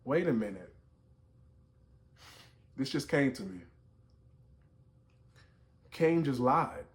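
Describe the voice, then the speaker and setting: A man's voice: mid-range voice, expressive, slow pace. A man teaching a Bible story in a conversational way, building to emphatic outbursts. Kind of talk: explaining scripture to camera.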